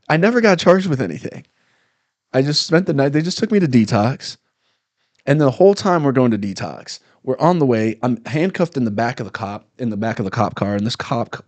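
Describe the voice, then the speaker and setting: A man's voice: medium pitch, normal speed, dry recording. A man, a comedian, telling a story in casual chat and acting out the angry people in it. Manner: animated storyteller, acts out angry cops loudly. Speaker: comedian guest.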